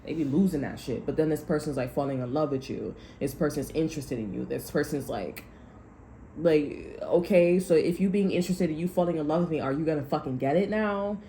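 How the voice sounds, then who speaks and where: A woman's voice: sits low, a little fast, mellow. A woman giving a rambling, profane, heated tarot reading in a casual monologue. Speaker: tarot reader. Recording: echoey room, faint background noise.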